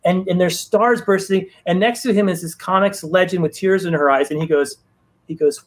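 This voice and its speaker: A man's voice: high-pitched, normal speed. A man, a comic book writer, telling a long anecdote in a casual chat, with lots of restarts and fillers. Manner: rambling, many restarts and fillers. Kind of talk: casual storytelling on a live stream.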